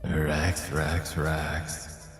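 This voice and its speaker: A man's voice: a bass voice, completely flat delivery, drawn-out words, roomy sound, long reverb tail, faint music behind, full character voice. A man voicing a sly, cruel male monster in a hissing whisper, as whispered role-play. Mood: gleeful.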